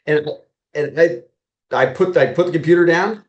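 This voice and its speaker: A man's voice: on the high side, moderate pace, reverberant. A man from Maryland, a real estate agent, telling stories as a podcast guest and acting out the dialogue he quotes. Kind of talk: storytelling in a podcast interview.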